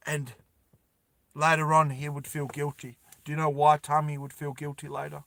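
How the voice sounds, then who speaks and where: A man narrating a story dramatically, repeating lines and dropping soft for emotional moments. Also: a little high, flat delivery, normal speed.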